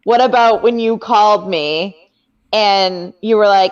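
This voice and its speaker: A woman's voice: mid-range voice, fairly even intonation, a little slow, clear, resonant tone, dull audio. A woman hosting a casual trivia stream, teasing and laughing often as she chats with her boyfriend. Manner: giggly, teasing. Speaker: trivia host. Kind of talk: casual chat.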